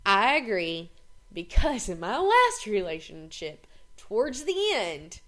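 A young woman talking openly in a casual podcast chat. Her pitch rises and falls a lot as she talks. She is blunt, swears freely and speeds up when she gets worked up. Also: wildly swooping pitch, takes it slowly, fairly bright tone. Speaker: podcast co-host.

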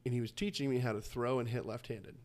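A man's voice: mid-range voice, steady tone, darkish tone. A young man co-hosting a podcast, chatting casually and eagerly, laughing often. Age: young adult. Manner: enthusiastic, quick to laugh. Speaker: podcast co-host. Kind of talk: casual chat.

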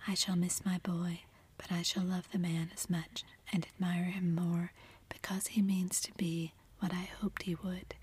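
A gentle young woman speaks kindly and wistfully in a whispered role-play, as a woman reads her. The whisper is airy and low, with a flat, even line. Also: unhurried, slightly rough.

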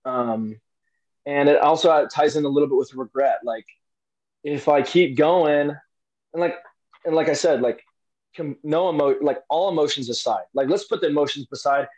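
A man's voice: a little high, normal speed, a little mellow, poor audio. A young man, an interview guest, telling a personal story casually with lots of fillers and restarts. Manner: rambling, many fillers and restarts.

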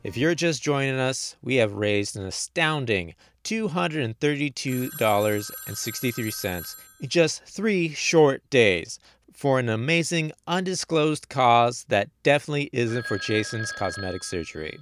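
A man hosting a comedy show, delivering mock news jokes and bickering in a deadpan, defensive way. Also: mid-range voice, measured pace, slight background noise. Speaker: comedy podcast host.

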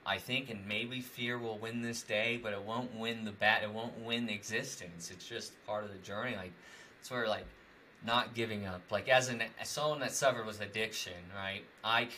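A young man talks in a loose, rambling way, packing his sentences with fillers and often breaking into laughter. His voice is bright and forward, and a faint hiss of noise sits behind it. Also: lowish voice, fairly even intonation, moderate pace. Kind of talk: casual chat.

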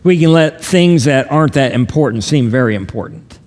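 Older pastor preaching in a reverberant hall. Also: male voice, medium pitch, animated, a little mellow. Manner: earnest, measured, slows down for emphasis. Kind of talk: sermon.

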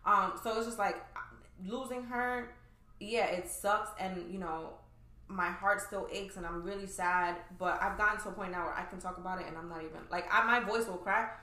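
Young woman chatting on a podcast, bright voice, lots of likes and you knows, echoey room. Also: medium pitch, steady tone, normal speed. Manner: chatty, frequent fillers like "like" and "you know". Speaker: podcast guest. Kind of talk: casual chat.

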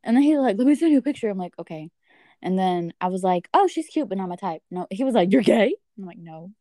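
Her medium-pitched voice moves fast in a studio-quality recording with no echo. In casual conversation with a friend, she tells stories with animation and performs the texts and words of the people involved.

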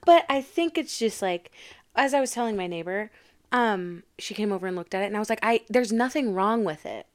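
A young woman co-hosting a podcast, chatting in a lively, gushing way. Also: mid-range voice, fairly quick, smooth. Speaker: podcast co-host. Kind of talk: casual chat.

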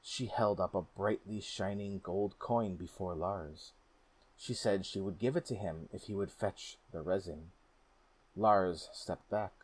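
A man narrating a folk tale in a steady, measured storybook reading. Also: sits low, breathy edge.

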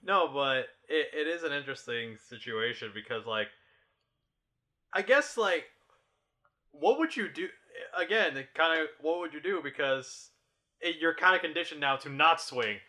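A young man with a bright, somewhat sharp voice, talking casually among friends. He puts in dry, thoughtful remarks. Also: on the high side, expressive, normal speed. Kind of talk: casual chat.

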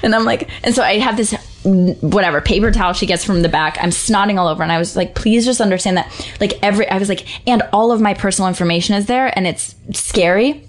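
A woman's voice: medium pitch, quick pace. A woman guest on a podcast, telling a story in a rambling way with lots of fillers. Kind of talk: casual chat.

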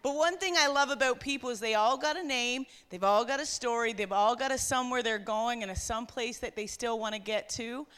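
Bright Newfoundland woman preaching. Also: fairly high pitch, a little fast, hardly any pauses, smooth. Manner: fervent, exhorting. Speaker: pastor. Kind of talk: sermon at a women's conference. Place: large room with an audience.

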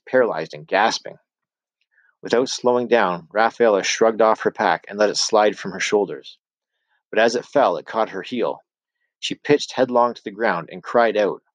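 A man reads a novel aloud in a deep, low voice, telling the story at a steady pace and voicing the dialogue as he goes. The sound is dry and close, with no room around it. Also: no echo. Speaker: audiobook narrator. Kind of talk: scripted narration.

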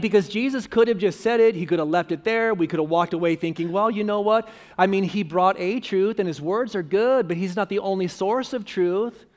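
Fervent high-voiced male pastor preaching. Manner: emphatic preaching with repeated phrases. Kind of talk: sermon.

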